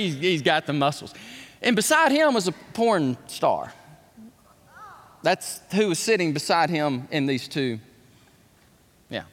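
A man preaching a sermon as pastor, telling stories with folksy asides. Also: on the high side. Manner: animated storytelling with folksy asides. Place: church sanctuary. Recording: long hall reverb.

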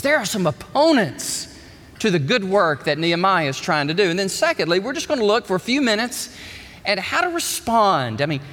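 A man, preaching a sermon with animated swings between quiet asides and high, shouted peaks. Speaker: pastor. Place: church sanctuary. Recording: long reverb of a large hall.

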